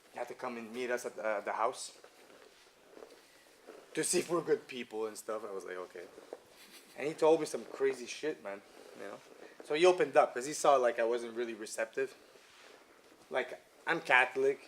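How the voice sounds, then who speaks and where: A man's voice: mid-range voice, fairly bright tone, a little hiss or hum. A man who owns a jiu-jitsu gym, telling a story in a casual interview with swearing and laughter.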